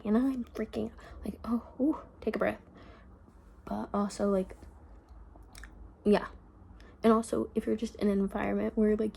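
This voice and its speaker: A woman's voice: mid-range voice, steady tone, moderate pace, creaky, long pauses, mellow, breathy edge. A teenage girl talking in a rambling, chatty way in a casual diary vlog, often half-whispering into her phone in her bedroom. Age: teens. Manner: rambling, chatty, full of "like" fillers. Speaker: vlogger.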